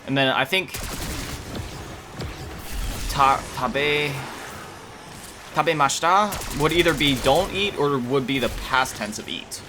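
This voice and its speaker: A man's voice: medium pitch, slow pace, long pauses, background noise. A man chatting casually while playing a video game, rambling and self-deprecating, often trailing off to recall words. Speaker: gaming YouTuber.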